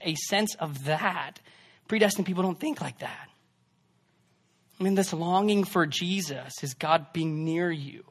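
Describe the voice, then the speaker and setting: High-voiced young pastor preaching conversationally. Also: male voice, unhurried. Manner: conversational preaching, swings between loud emphasis and hushed asides. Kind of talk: sermon.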